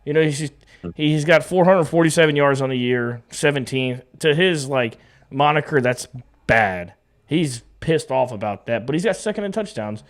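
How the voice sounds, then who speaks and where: A man co-hosting a casual sports talk show, breaking down the week's games with upbeat energy. He jokes and banters easily with his co-host. His voice sits a bit higher than most men's. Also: normal speed. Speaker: podcast co-host.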